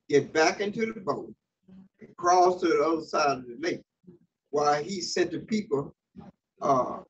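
A man preaching a sermon, reading scripture aloud and stopping often to explain it, with fillers and restarts. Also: high voice. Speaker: pastor. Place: church sanctuary. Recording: distant mic, dull sound, faint hiss.

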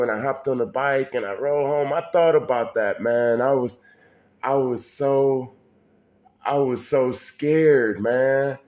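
Slow-talking man telling a story. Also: medium pitch, a little mellow. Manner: colloquial, addresses listener directly, frequent restarts. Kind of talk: casual personal storytelling.

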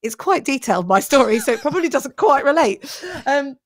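A woman's voice: high voice, lively intonation, brisk. Enthusiastic woman thinking aloud. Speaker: presenter coach guest. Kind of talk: podcast interview.

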